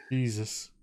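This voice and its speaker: A man co-hosting a casual podcast, retelling a story and swearing freely as he gets worked up. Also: dark tone. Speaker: podcast co-host. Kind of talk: casual chat.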